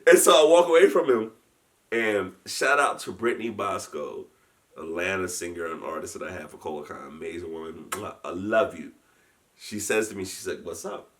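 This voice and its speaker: A man telling a story in a casual chat. He is animated, often laughs and restarts his sentences. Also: deep voice, moderate pace. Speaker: guest storyteller, convention founder.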